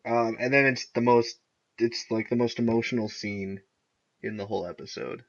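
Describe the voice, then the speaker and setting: A young man co-hosting a podcast in casual chat, excitedly recapping TV episodes and often laughing as he retells scenes. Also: medium pitch, normal speed. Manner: excitable, laughs often, acts out characters' lines. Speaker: podcast co-host. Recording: dull lo-fi recording.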